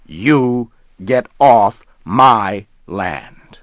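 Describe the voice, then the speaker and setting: A man's voice: low voice, very animated, normal speed, pushed and bright, husky, no room sound, exaggerated voice. A man voicing a small bespectacled landowner who is scared but stubborn, raising his voice in short, insistent demands. The recording sounds dull and lo-fi. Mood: angry, defiant.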